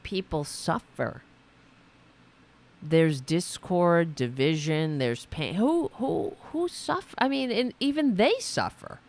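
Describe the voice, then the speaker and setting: A woman's voice: on the low side, very animated, slow, darkish tone. A woman hosting a political commentary livestream, talking in an indignant, sarcastic and profane way. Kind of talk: livestream commentary reacting to clips.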